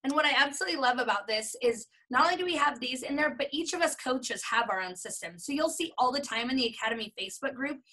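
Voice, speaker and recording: Bright, enthusiastic woman coach, chatty webinar delivery. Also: high voice, animated, fast talker, few pauses, rough recording. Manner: enthusiastic, chatty, self-correcting. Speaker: gym owner and coach. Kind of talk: casual webinar talk.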